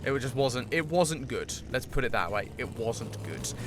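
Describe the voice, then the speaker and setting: A young man streaming a video game, chatting casually and self-mockingly with animated reactions. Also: mid-range voice, normal speed, a little hiss or hum. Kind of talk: live gameplay commentary.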